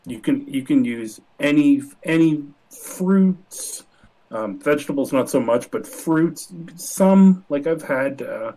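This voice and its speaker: A man's voice: a little high, expressive, slow pace, mellow, rough recording. A man guesting on a casual stream, laid-back and enthusiastic, calling people dude. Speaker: guest brewer. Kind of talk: casual chat.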